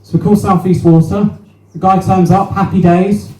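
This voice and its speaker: A man's voice: high voice, fairly even intonation, normal speed, a little mellow. A young man doing a brash, sweary stand-up set and chatting with the crowd. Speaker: stand-up comedian. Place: small venue with a live audience. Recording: roomy, distant mic with faint noise.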